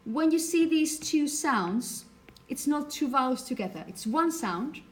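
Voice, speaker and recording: A woman's voice: sits high, expressive, unhurried. A woman whose first language is Spanish, teaching a phonetics lecture to a class and checking in with "okay?" as she explains.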